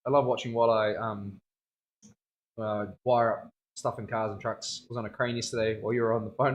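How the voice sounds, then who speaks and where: A man's voice: medium pitch, steady tone, quick pace. A man, a tattoo artist chatting casually on a livestream, slangy and rambling, often laughing. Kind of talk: casual chat.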